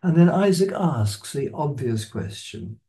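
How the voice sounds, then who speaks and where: Man, Bible lecture, mellow dark voice, measured, explanatory, stresses key words. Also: on the high side, sing-song. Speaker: lecturer on scripture.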